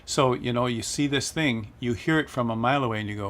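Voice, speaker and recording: A man's voice: medium pitch, steady tone, fast talker, creaky, few pauses, fairly bright tone, a little hiss or hum. A middle-aged man hosting a casual flight-sim livestream, chatting and reading viewer comments aloud with frequent laughs. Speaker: livestream host.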